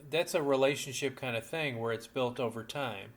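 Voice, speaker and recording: A man's voice: mid-range voice, moderate pace, slight background noise. A man co-hosting a podcast, chatting casually in a laid-back way with short agreeing remarks. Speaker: podcast co-host. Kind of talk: casual chat.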